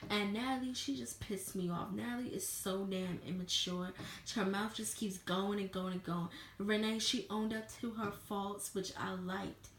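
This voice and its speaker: A woman's voice: mid-range voice, steady tone, moderate pace, a little hiss or hum. Blunt, swearing woman in an echoey room. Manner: blunt, heated, swears freely. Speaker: vlogger reviewing a reality show. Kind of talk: casual opinionated review.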